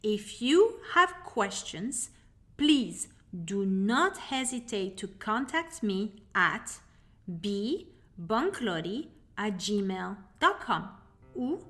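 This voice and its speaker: Slow, careful woman teaching language. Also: mid-range voice, very animated, fairly bright tone, soft background music. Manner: slow, careful, repeats phrases for learners. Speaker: French teacher. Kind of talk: recorded language lesson.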